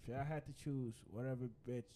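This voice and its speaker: A man's voice: medium pitch, steady tone, fairly quick, mellow. A man in casual chat with friends, playful and slangy, often repeating himself.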